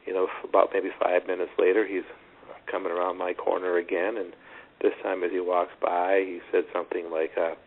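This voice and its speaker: A man's voice: sits low, steady tone, fairly quick, slightly rough. A middle-aged man, a tennis coach, telling stories earnestly in a phone interview, rambling with restarts. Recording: tinny phone line with faint hiss.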